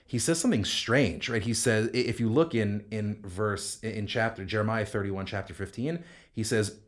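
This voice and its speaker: A man with a fairly low voice leads a podcast Bible study as a rabbi. He walks through verses step by step and quotes Hebrew lines. His speech is full of restarts and asides. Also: moderate pace. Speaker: rabbi co-host explaining scripture.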